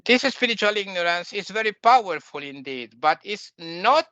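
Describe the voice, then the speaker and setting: A man's voice: high-pitched, lively intonation, normal speed, pushed and bright, clean tone, no echo, highs cut off. A man with as his giving a spiritual lesson, repeating key phrases emphatically with phrasing. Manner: emphatic, repetitive teaching, non-native phrasing. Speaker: spiritual teacher. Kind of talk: spoken lesson.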